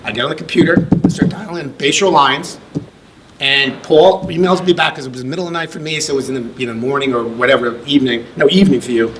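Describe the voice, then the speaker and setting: A man's voice: medium pitch, fast, background noise. A middle-aged American man presenting an award at a ceremony, telling a long anecdote with restarts and fillers. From United States. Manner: rambling anecdotal delivery with many restarts. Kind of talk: storytelling speech. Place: function room.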